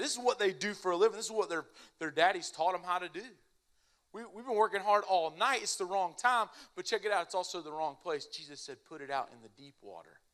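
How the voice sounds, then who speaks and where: Young man, preacher, casual sermon, animated, slightly high voice. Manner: animated, casual storytelling with lots of "like".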